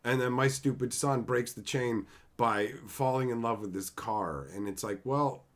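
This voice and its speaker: A man's voice: mid-range voice, a little slow. A man hosting a casual livestream, rambling and mocking with lots of swearing as he answers viewers in chat. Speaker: livestream host.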